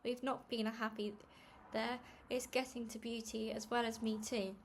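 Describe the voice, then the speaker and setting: A woman's voice: fairly high pitch, flat delivery, normal speed, slight background noise, close to an everyday voice. A woman reading aloud and voicing a timid young mother who speaks shakily and hesitantly through tears. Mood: pleading. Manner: shaky and hesitant.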